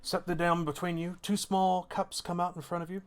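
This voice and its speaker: A man's voice: sits high, flat delivery, normal speed, smooth. A man narrating a tabletop role-playing game as game master.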